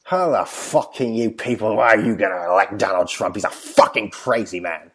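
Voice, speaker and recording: A man voicing an angry older bald Scottish bar hooligan, yelling and cursing. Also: on the low side, moderate pace, husky. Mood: angry ranting.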